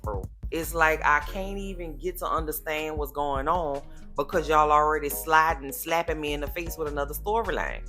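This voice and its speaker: A woman recaps a TV episode in a sassy, blunt, slang-filled chat. Her voice is bright and forceful, and faint music plays underneath. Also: sits low, moderate pace. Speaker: TV recap vlogger.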